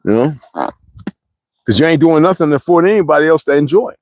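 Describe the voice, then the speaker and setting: A man's voice: a little high, lively intonation, a little fast, darkish tone. A man rants straight at his audience, blunt and profane, rambling from one story to the next in thick slang. The sound is close and dry, with no room echo. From United States. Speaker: streamer ranting to viewers. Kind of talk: profane monologue to camera.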